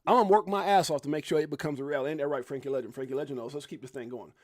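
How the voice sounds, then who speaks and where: A middle-aged man hosting a crypto live stream, preaching hard work in fired-up, slangy talk with loud whoops. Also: fairly high pitch, racing, no room sound, clean studio sound.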